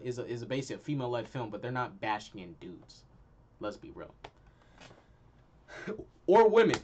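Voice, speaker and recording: A man's voice: mid-range voice, a little hiss or hum. A young man hosting his own channel, giving a heated, slangy movie review full of repeated punchlines. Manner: slangy, heated and emphatic, repeats lines for effect. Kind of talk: casual ranting review.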